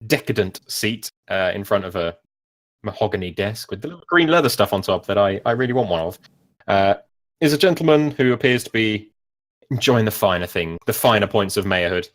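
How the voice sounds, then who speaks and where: A man's voice: fairly low pitch, animated, brisk, fairly bright tone. A man narrating as game master of a tabletop game, rambling and self-mocking with many fillers.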